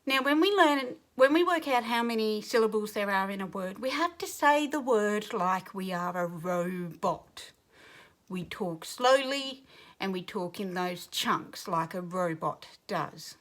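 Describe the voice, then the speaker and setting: A woman teacher giving a recorded lesson to young children, speaking clearly and patiently and sounding out words. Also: mid-range voice, lively intonation, unhurried.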